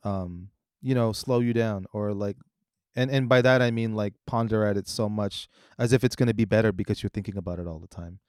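A man's voice: on the low side, fairly quick, a little mellow, no echo, clean studio sound. A man co-hosting a podcast, talking in a rambling, reflective way with many restarts. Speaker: podcast co-host. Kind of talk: casual chat.

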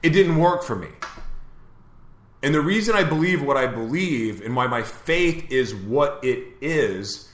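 A man's voice: medium pitch, animated, a little slow, fairly bright tone, roomy sound, a little hiss or hum. A man hosting a live talk show, telling a personal story in a candid, earnest way. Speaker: host.

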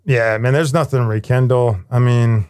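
A man in his forties, a former firefighter paramedic, telling his life story in a candid, animated way with casual swearing. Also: medium pitch, normal speed, clear, resonant tone.

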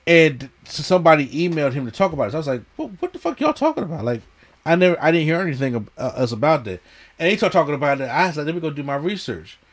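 A man's voice: a little high, very fast. A man co-hosting a casual podcast chat, often stammering and repeating his words. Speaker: podcast co-host.

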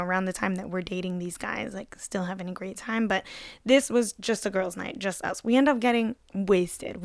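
A woman's voice: mid-range voice, creaky, dry recording, studio quality. A young woman animatedly telling a casual story, laughing often and swearing casually as she talks.

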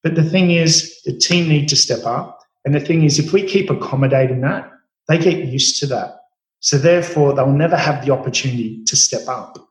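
A middle-aged man, a chef, telling stories in an interview with a relaxed, rambling manner full of fillers and restarts. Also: a little high, moderate pace. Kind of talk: storytelling interview answers. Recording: roomy echo.

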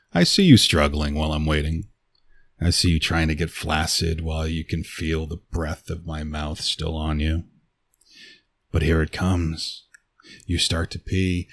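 A man telling an intimate second-person erotic story, with a slow, teasing delivery into a close mic. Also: sits low, no echo.

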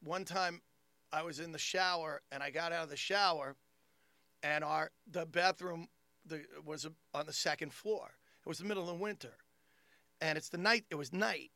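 High, gravelly, animated male storyteller. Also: normal speed, no echo. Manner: animated storyteller who acts out family members with big jumps in pitch and loudness. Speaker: podcast co-host telling family stories. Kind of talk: casual comedic storytelling.

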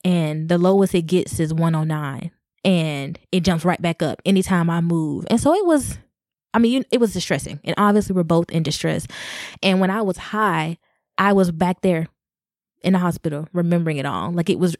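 A young woman hosting a podcast, telling a personal story in a casual, animated way, laughing often and talking straight to her listeners. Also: on the low side, normal speed, no echo, clean studio sound. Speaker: podcast host.

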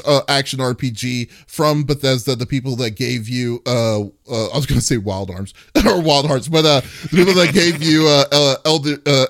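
A man's voice: medium pitch, a bit bright, dry recording, studio quality. A man co-hosting a gaming podcast, talking casually and rambling with many fillers and restarts. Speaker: podcast co-host. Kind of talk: casual chat.

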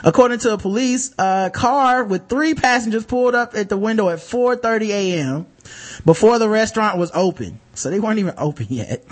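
A man's voice: high voice, expressive, fairly quick. A man hosting a podcast, reading news stories aloud in casual chat, joking and profane, laughing as he reads. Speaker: podcast host.

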